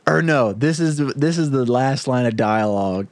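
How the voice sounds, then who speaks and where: A man's voice: medium pitch, expressive, normal speed, no room sound. A young man in casual chat, playfully brainstorming a story with a friend. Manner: playful, jokey. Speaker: co-writer.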